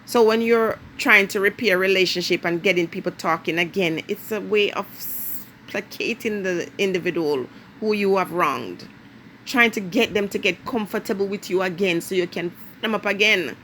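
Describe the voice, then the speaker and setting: A woman's voice: mid-range voice, a bit bright, a little hiss or hum. Emphatic lecturing Jamaican woman. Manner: emphatic, lecturing, drawn-out stresses. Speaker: vlogger. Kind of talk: direct-to-camera monologue.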